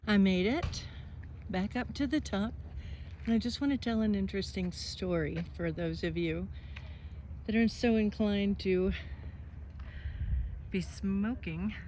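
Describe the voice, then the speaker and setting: A woman in her fifties, talking outdoors on a mountaintop in a soft, musing, rambling way as a vlogger. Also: medium pitch, measured pace, long pauses, slight background noise. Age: 50s. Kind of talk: reflective vlog monologue.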